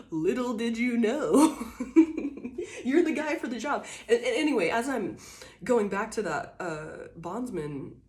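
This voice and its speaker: A woman's voice: a little high, expressive, slow. Laughing, swearing tarot reader woman. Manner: laughs often, swears casually; shifts from loud bursts to quiet musing. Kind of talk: casual channeled tarot reading.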